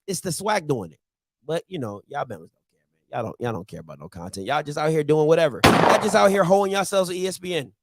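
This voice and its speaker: A man's voice: a little high, expressive, fast, very noisy. A male show host ranting animatedly in a casual morning-show talk, repeating his points and mocking others in put-on voices.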